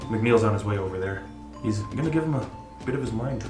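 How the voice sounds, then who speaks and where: Dry, low-voiced tabletop player. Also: male voice, lively intonation, brisk, darkish tone, reverberant, faint music behind. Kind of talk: in-character tabletop play.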